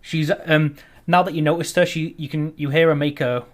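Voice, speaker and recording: A man's voice: on the high side, steady tone, a little fast. A man narrating a tabletop game as dungeon master, rambling with frequent ums and restarts.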